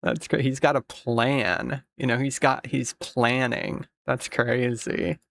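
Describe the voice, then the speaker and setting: A man's voice: mid-range voice, level tone, takes it slowly, gravelly, a bit bright, no echo, clean studio sound. A man streaming, casually commenting on a video with amused jokes and frequent laughter. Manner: amused, joking, laughing often.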